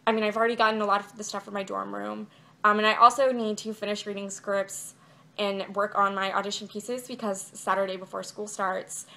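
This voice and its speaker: A woman's voice: mid-range voice, little pitch movement, brisk, gravelly, bright, forceful tone. A young woman vlogging in a casual, rambling way, filling her talk with "like" and "um". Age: young adult. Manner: rambling and chatty, many fillers like "like" and "um". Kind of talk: casual chat to camera. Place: indoors, outside her bedroom.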